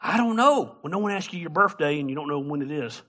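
A man preaching a sermon as a pastor, telling a story in an animated, humorous way. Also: on the high side, quick pace.

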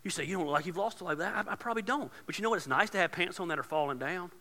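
A man preaching a sermon as pastor, casual and joking, building to loud emphatic points. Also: high-pitched, rapid-fire, big-room sound.

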